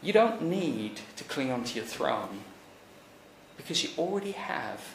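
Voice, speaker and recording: A man preaching a conversational sermon, animated, rising to emphatic peaks and then dropping quiet. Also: mid-range voice, a little slow, creaky, a little hiss or hum. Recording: echoey church hall recording.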